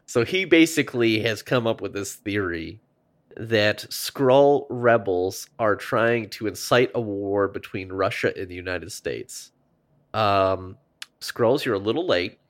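A man's voice: lowish voice, animated, a little slow. A man co-hosting a casual podcast, talking in a wry, sarcastic way. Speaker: podcast co-host. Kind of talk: casual chat.

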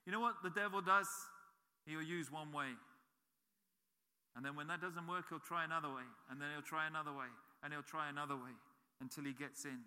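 A man's voice: fairly high pitch, fairly even intonation, brisk, bright, forceful tone. A man preaching a sermon as a pastor, emphatic and repeating key phrases. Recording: reverberant hall.

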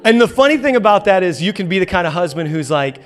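A man's voice: high voice, sing-song, quick pace, soft background music. A man in his thirties preaching a sermon in a church auditorium, telling a funny story with lots of energy and playful acted quotes. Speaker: pastor.

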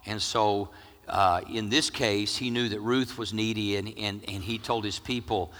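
A middle-aged male pastor preaching with jokes, swinging between loud emphasis and hushed near-whispers. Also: lowish voice, steady tone, brisk, in a large hall. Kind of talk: sermon.

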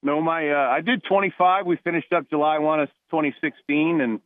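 On a tinny, dry phone line, a guest on a radio show shares heartfelt, meandering stories with many restarts. He's a New Jersey man, a retired police officer and ex-college ballplayer, whose slightly high voice keeps a steady tone at a fairly quick clip.

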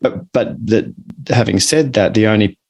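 Australian man, lowish pitch, earnest, podcast guest, animated examples. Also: moderate pace, vocal fry, breathy edge. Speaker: author and guest. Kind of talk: podcast interview chat.

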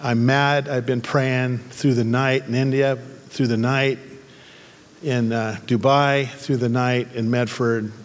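A man's voice: mid-range voice, little pitch movement, takes it slowly, big-room sound. A man preaching a sermon as pastor, mixing humorous stories with fervent, angry calls to prayer. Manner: humorous storytelling turning to fervent, angry exhortation.

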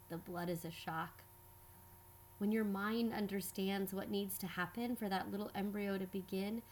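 A woman telling a personal story in scripted narration, measured and reflective. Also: mid-range voice, slight background noise. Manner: measured, reflective, quietly earnest.

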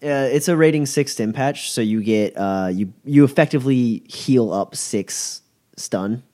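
A man's voice: mid-range voice, measured pace, warm tone. A young man narrating a tabletop game as game master, rambling with lots of fillers. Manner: rambling with many fillers, chuckling.

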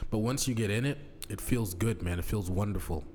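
A man's voice: fairly low pitch, fairly quick, darkish tone. A man co-hosting a podcast in loose, rambling casual chat, full of fillers. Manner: laid-back, rambling with fillers. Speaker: podcast co-host.

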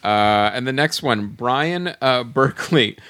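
A man's voice: medium pitch, lively intonation, slow pace, pushed and bright, clear, resonant tone. A man hosting a casual podcast, reading listener comments aloud and laughing often as he goes. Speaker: podcast host.

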